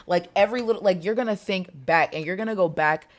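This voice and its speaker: A woman's voice: fairly low pitch, quick pace, very noisy. A woman reading tarot cards for her viewers in a casual, chatty way. She talks emphatically, repeats herself, and swears freely. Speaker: tarot reader.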